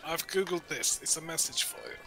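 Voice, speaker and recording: A man's voice: a little high, fairly quick, crowd noise. A man chatting casually and joking about himself, laughing often. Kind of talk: casual chat. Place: home, indoors.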